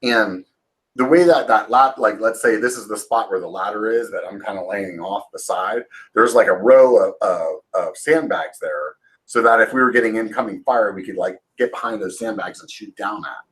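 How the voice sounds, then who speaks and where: A man's voice: on the low side, normal speed, fairly bright tone, poor audio. A man in his forties telling a long story casually as a channel host, swearing freely and rambling with fillers and restarts, now and then acting out quotes in a raised voice. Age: 40s.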